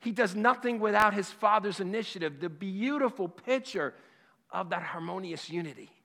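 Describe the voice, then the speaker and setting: A man in his fifties preaching a sermon, emphatic and impassioned, then dropping to a hushed voice for a personal story. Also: high voice, animated, normal speed. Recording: long hall reverb.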